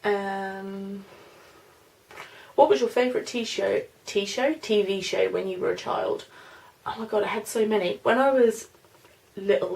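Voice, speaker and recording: A woman's voice: medium pitch, vocal fry, a little mellow. A woman in her twenties with a mixed London and Norfolk accent, chatting in a casual Q&A vlog, rambling and hesitant with lots of fillers. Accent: mix of London and Norfolk English. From London, England. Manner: rambling, hesitant, many fillers and "I don't know". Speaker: vlogger. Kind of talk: casual Q&A vlog, reading questions aloud.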